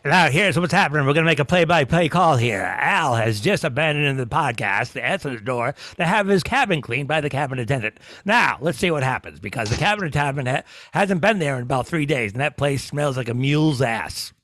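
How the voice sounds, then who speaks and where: Male co-host, mid-range voice, quick with a joke in casual chat. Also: mid-range voice, lively intonation, fairly bright tone, dry recording. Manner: wisecracking. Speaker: podcast co-host. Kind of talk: casual chat with mock play-by-play.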